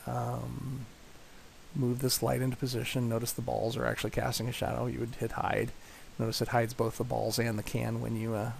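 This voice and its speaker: A man explaining a software demo in a casual walkthrough, with frequent fillers and restarts. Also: medium pitch, vocal fry, slight background noise. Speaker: product demonstrator.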